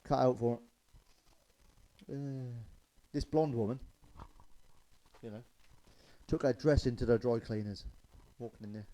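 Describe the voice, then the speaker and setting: A man's voice: mid-range voice, fairly even intonation, measured pace, pauses often, dark tone, low-quality recording. A man telling stand-up jokes, loose and chatty, chuckling at his own punchlines. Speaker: stand-up comedian.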